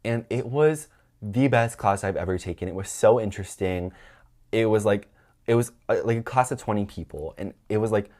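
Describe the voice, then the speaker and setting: A young man hosting his own podcast, telling a story in a rambling, animated way, full of "like" and swearing. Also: fairly low pitch, moderate pace. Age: young adult. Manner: acts out quoted people in a raised voice. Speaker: podcast host. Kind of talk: casual storytelling monologue.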